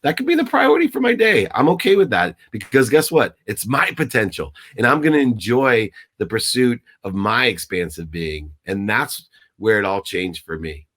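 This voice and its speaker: A man's voice: on the low side, big pitch swings, normal speed, a bit bright. A middle-aged man speaking as a guest mentor, telling stories emphatically with many restarts and sounding choked up. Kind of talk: motivational interview talk.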